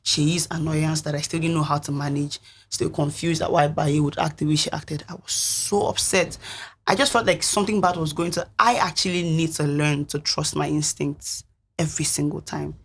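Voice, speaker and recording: In an interview, a young reality show contestant looks back on what happened, speaking earnestly and thoughtfully in a husky voice that sits low.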